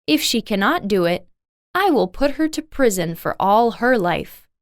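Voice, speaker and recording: A woman's voice: a little high, sing-song, unhurried, no room sound, clean studio sound. A stern fairy-tale king, read by a woman.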